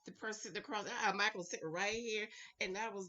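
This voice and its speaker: A woman's voice: medium pitch, steady tone, fast, hardly any pauses, sharp tone, muffled recording. A woman recording a casual, sassy recap vlog at home, chatting to her viewers and calling them y'all, honey and girl. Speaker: reality TV recap vlogger.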